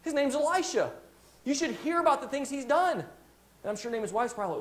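High-voiced animated male preacher. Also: a little fast. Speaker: pastor. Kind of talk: sermon. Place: church.

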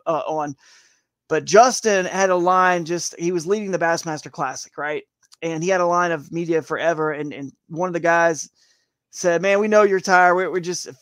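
Man, high voice, upbeat, rambling, casual interview guest, dry sound. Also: no echo. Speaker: guest, tournament kayak angler. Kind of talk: casual live-show interview.

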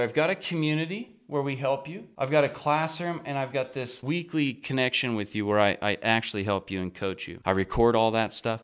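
A middle-aged man coaching viewers on selling online courses, talking straight to camera in a chatty, persuasive way and often acting out the pitches he suggests. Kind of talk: talking-head marketing talk to camera.

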